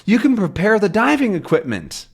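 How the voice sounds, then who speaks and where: A man voicing a young male reporter hero who sounds bright and eager. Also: high-pitched, huge pitch swings, moderate pace, husky, pitched above the performer's own voice, heavily acted.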